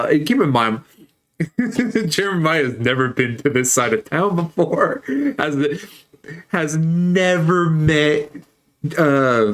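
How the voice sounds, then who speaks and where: A man talks over his gameplay in a slightly high voice, taking his time with every sentence. He wanders off into a long story and keeps laughing as he tells it. It's loose, casual streamer chatter. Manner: rambling, laughs often while telling a story. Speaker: streamer playing a shooter game.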